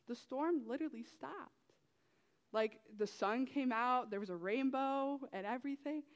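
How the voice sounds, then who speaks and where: A young woman giving an animated testimony to a youth group, telling her story with many fillers and asides. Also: sits high, a little slow, muffled recording. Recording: long hall reverb.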